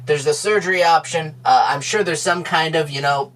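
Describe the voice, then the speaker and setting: A man co-hosting a comedy podcast, deadpan and mock-reassuring, with frequent stammers. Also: fairly high pitch, moderate pace. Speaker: podcast co-host.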